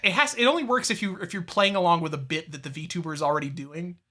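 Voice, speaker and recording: Podcast co-host, male, high bright voice, loose profane rambling banter. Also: quick pace. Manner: rambling, swears a lot, breaks into laughter. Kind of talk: casual chat.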